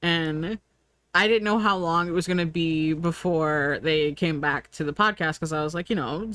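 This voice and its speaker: A woman streamer chatting casually, full of fillers and "like", acting out her own thoughts in lively quoted asides. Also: deep voice, moderate pace, no echo. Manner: frequent fillers and "like". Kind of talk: casual rambling chat.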